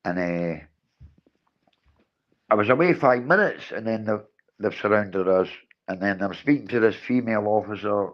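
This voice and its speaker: Animated man, low voice, lo-fi. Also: normal speed, pauses often. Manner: animated, acts out his own and others' lines. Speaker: livestream host. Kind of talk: livestream storytelling.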